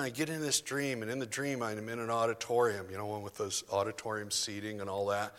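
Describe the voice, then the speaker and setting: A man's voice: lowish voice, steady tone, normal speed, fairly bright tone, in a large hall. A man preaching a sermon in a church auditorium, telling a story with feeling and building to emphatic declarations.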